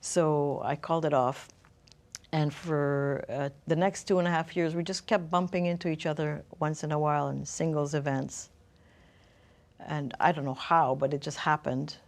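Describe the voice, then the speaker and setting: Woman, middle-aged, somewhat low voice, reflective interview storytelling, pauses to find words. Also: fairly even intonation. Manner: thoughtful, searching for words. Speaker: interview guest, author.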